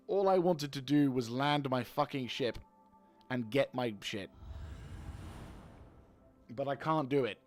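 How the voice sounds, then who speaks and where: A man commenting on his own gameplay in a loose, muttering way, with frequent swearing and quick flare-ups of frustration. His voice sits at an ordinary middle pitch. Game music plays clearly behind him. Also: a little mellow. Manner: mutters to himself while playing, swears, flares up. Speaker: gaming streamer.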